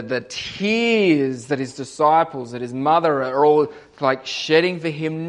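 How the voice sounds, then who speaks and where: A young man giving a casual sermon, telling a story and acting out the voices of its characters, rising to loud emphatic peaks. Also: on the high side. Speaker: preacher.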